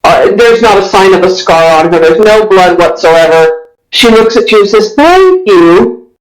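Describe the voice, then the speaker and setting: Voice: medium pitch, normal speed, poor audio. A dungeon master narrating a tabletop game session, describing the scene with frequent restarts.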